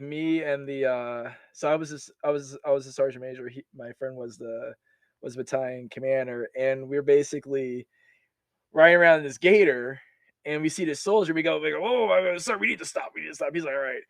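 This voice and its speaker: A man telling stories from his army service in a casual, animated way, laughing often and restarting his sentences. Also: on the high side, fairly quick, no room sound. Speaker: podcast guest, army veteran. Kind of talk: casual storytelling.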